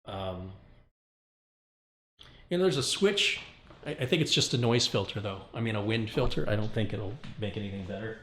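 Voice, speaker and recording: A man's voice: on the low side, moderate pace, pauses often, fairly bright tone, echoey room. A man hosting a casual home vlog, recorded indoors on a studio microphone, who also talks to his dog in a sing-song voice. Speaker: tech channel host. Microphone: studio microphone on a stand.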